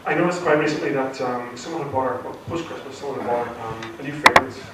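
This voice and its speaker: In an echoey theatre hall recorded from far off, a man gives his first stand-up set to a live audience with background noise around him. His mid-range voice moves quickly as he rambles nervously, stumbling through fillers and restarts.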